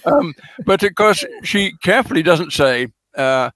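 Man, fairly high voice, scholarly explainer, lecturing, hesitant fillers, emphatic stresses, dry close sound. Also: sing-song, normal speed, a bit bright, no room sound. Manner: emphatic, stresses key words. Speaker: scholar interviewed as guest. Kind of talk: explanatory interview talk.

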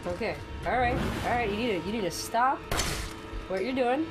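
A woman's voice: a little high, moderate pace, loud music behind the voice. A woman gaming streamer giving sarcastic, profane commentary while playing a horror game and shrieking at the scares. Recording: noisy home recording.

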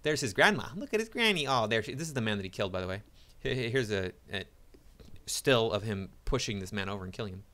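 A man's voice: fairly low pitch, quick pace, fairly bright tone. Sarcastic man giving reaction commentary. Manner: sarcastic and mocking, with many restarts and stammered repeats. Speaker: online commentator.

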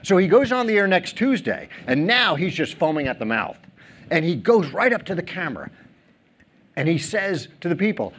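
Man, keynote speaker, theater stage, animated storyteller, bright pitch. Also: a little fast. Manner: animated storyteller, acts out quotes, jokes with audience. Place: theater stage before an audience.

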